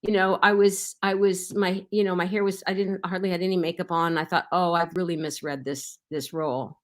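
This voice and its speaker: A middle-aged actress recalling her time on a show in a relaxed interview, rambling with many fillers and restarts. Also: on the low side, fairly quick. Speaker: actress guest. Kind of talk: casual interview anecdotes.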